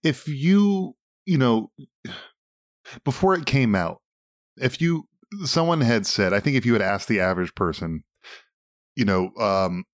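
A man's voice: medium pitch, a little slow, long pauses, dry recording, clean studio sound. A man co-hosting a casual talk show, rambling, swearing and enthusiastic. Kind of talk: casual chat.

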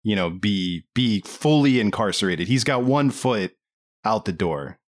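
A man co-hosting a podcast, talking through a movie in casual chat, animated and incredulous, laughing often. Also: lowish voice, measured pace. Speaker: podcast co-host.

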